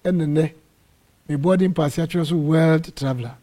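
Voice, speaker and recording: A middle-aged man from Ghana, an apostle, telling animated stories in an interview and acting out the dialogue. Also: fairly high pitch, moderate pace. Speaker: apostle and church area head. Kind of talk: storytelling interview testimony.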